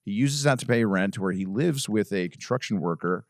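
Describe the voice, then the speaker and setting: A man hosting a casual podcast roast, teasing a guest with lively, repetitive banter. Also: on the low side, normal speed, dry recording, clean studio sound. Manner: lively, teasing, laughs a lot, repeats himself. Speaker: podcast host.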